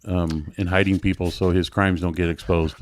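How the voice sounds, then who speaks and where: A man with a fairly low, smooth and resonant voice tells a hard personal story. He is blunt and profane, with rambling asides. The sound is dry and close. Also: little pitch movement, moderate pace, no echo. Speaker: guest sharing his story. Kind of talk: emotional casual storytelling. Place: joining a livestream remotely.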